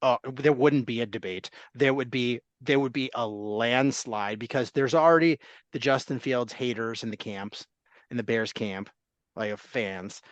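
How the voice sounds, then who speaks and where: A man's voice: mid-range voice, a little slow, dry recording. A man hosting a casual sports talk podcast, rambling and restarting his sentences. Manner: rambling, self-interrupting, laughs easily.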